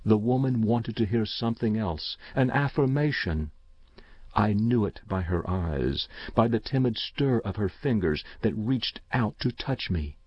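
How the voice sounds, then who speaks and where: Male narrator, lowish voice, measured and somber story reading; dull, dry lo-fi recording. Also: lively intonation, no room sound.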